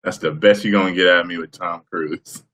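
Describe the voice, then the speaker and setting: Deep-voiced man chatting on a live stream. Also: steady tone, fairly quick, pushed and bright. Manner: laughs often, answers chat by name. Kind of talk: casual live-stream chat.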